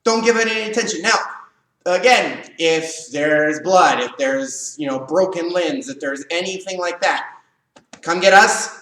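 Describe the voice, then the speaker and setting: A man teaching a live online karate leadership class, animated and acting out students' cries. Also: a little high, measured pace. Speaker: karate instructor. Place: karate studio, echoey room. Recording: echoey room, voice far from mic.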